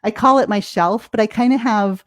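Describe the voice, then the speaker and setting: Here the American life coach guest again explains things in a relaxed way, often laughing and playing out her own reactions. She talks in a mid-range voice at normal speed.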